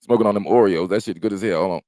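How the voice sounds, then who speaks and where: A man's voice: on the low side, rapid-fire, mellow, dry recording. A man doing a casual stream chat, rambling and cursing freely as he tells stories from home. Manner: rambling, profane, laid-back storytelling. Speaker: comedian hosting his own stream. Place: at home, smoking while chatting.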